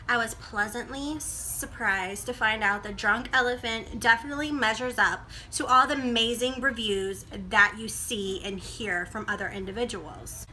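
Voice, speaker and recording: A woman's voice: on the high side, sharp tone, slight background noise. A young woman vlogging a casual product review at home, chatty and sassy, calling viewers honey and girl and talking like a motor mouth. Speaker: beauty vlogger. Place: home room with poor lighting.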